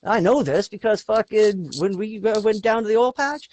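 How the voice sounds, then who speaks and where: Profane high-voiced Canadian man. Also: normal speed, few pauses, a little mellow, a little hiss or hum. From Eastern Canada. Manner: profane, rambling storytelling with frequent swearing. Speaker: podcast co-host. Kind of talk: casual chat.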